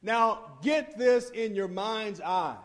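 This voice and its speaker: High-voiced man preaching a lively sermon. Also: slow. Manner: animated, vivid storytelling with repetition and restarts.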